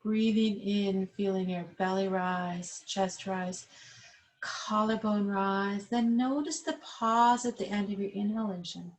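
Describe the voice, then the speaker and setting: A woman yoga instructor leading a class over a webcam, giving calm, slow guided instructions. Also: mid-range voice, rough recording.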